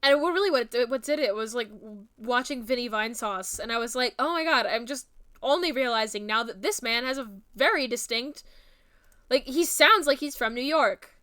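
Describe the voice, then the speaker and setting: Bright, giggly woman with a Jersey accent. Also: on the high side, expressive, moderate pace. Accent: New Jersey / Philadelphia area. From New Jersey, USA. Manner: rambling, giggly, self-mocking. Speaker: streamer. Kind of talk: casual chat.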